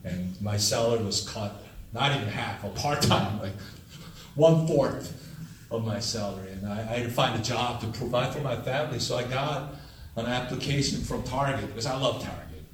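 A man preaching a storytelling sermon as a pastor, acting out conversations with lively jumps in his voice. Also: normal speed, a little hiss or hum. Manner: animated, acts out dialogue with big pitch jumps. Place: church sanctuary, heard from afar. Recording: echoey room, distant mic.

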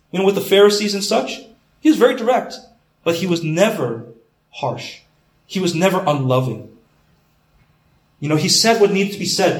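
A man preaching a sermon, earnest and questioning, often repeating his words as he goes. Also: sits high. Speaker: pastor. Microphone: camera. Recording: roomy echo.

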